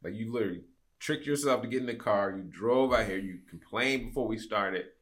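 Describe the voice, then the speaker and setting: A man's voice: lowish voice, a little fast, fairly bright tone. A man in his fifties, a podcast guest, telling a story in casual chat. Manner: storytelling, acts out quoted people.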